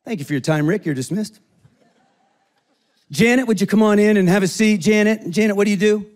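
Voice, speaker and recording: A pastor playing a dry, deadpan male lawyer questioning witnesses in a clipped, matter-of-fact way. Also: sits high, a little fast, close to an everyday voice.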